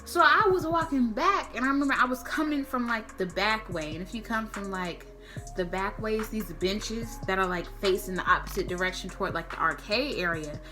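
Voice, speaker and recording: A young woman vlogger, telling a slangy, animated storytime. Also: mid-range voice, moderate pace, faint music behind. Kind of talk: storytime vlog.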